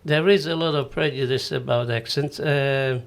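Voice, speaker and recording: A man's voice: medium pitch, steady tone, normal speed, vocal fry. Older Maltese-accented man telling stories. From Malta. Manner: storytelling, acting out quoted dialogue. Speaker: entertainer and singer. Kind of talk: casual radio interview.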